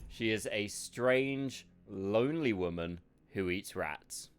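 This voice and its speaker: A man's voice: lowish voice, lively intonation, slow, clear, resonant tone. A man giving sarcastic, sweary commentary while streaming a video game live.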